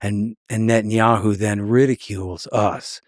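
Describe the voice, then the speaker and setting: Animated man telling a heated story. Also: medium pitch, normal speed, dry recording, studio quality. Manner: animated, mocking, acts out quoted voices. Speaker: podcast guest.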